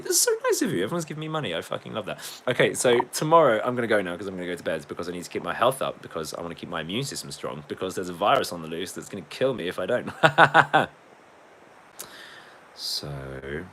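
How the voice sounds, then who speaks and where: A man's voice: sits low, a bit bright, a little hiss or hum. A man chatting casually on a livestream, reading chat comments, rambling, swearing and laughing often.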